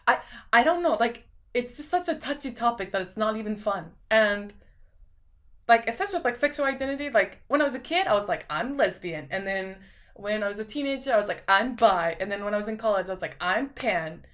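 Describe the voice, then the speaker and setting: A woman's voice: a little high, expressive, quick pace, fairly bright tone. Young woman with a lisp, chatting. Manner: rambling, filler-heavy, laughs often. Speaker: live-stream host. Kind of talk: casual chat reading viewer comments.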